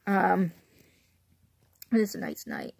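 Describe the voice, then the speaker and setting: A woman's voice: mid-range voice, huge pitch swings, slow pace, vocal fry, a little mellow, breathy edge. A young woman from the Chicago suburbs talking casually into her phone, rambling and often laughing. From Chicago suburbs, Illinois. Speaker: vlogger. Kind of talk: casual chatty movie review.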